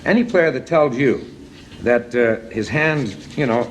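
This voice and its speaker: A middle-aged man, a baseball manager and guest on a TV talk show, telling blunt, jokey anecdotes in animated chat. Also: medium pitch, a little slow, slight background noise.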